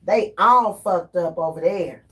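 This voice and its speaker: Give me a woman psychic, chatting slowly in a slangy, profane way. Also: fairly low pitch, slightly rough. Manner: slangy, loose and profane, laughs often. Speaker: spiritual reader and spellworker. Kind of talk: casual livestream chat.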